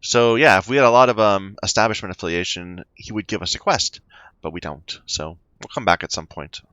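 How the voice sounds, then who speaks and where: A man's voice: lowish voice, a little fast, sharp tone, clean tone, dry recording, lo-fi sound. A man playing a story game, reading its text aloud and chatting about his choices, stumbling over unfamiliar words. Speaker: let's play gamer.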